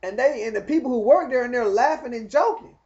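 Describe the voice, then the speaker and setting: High-voiced man telling a rambling story. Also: fast, lo-fi sound. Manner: animated, talks straight to the viewer, keeps asking "you know what I mean". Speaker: vlogger telling his story.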